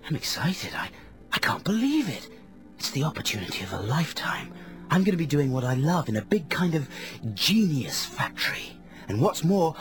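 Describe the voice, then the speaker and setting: Brooding, whispery film star , put on by a male radio host — low-ish voice, over-the-top drama, music underneath. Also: a bit bright. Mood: gushing. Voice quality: breathy stage whisper. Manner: melodramatic, self-mocking monologue.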